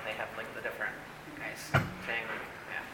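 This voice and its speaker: A lower-pitched man runs an informal church Bible study at a normal speed, his delivery completely flat even as he speaks emphatically, full of fillers and "right?" tags. The recording has the echo of a hall and faint room noise.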